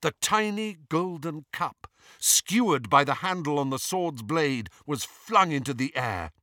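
A man's voice: fairly high pitch, lively intonation, measured pace, pushed and bright, dry recording, clean studio sound. A man narrating a fantasy story aloud in a dramatic, suspenseful way. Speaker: audiobook narrator.

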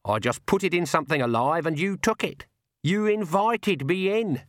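A man's voice: fairly high pitch, normal speed, dry recording, studio quality, pitched above the performer's own voice, natural voice. A man voicing a shrewd, stern old witch woman with plain-spoken, folksy speech in an audiobook. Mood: triumphant. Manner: plain-spoken rural speech, calm and cutting.

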